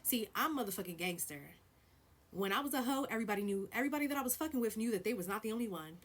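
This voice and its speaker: A woman telling a story on her vlog in a blunt, profane, animated way, with loud stresses and hushed asides. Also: on the high side, very fast. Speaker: vlogger.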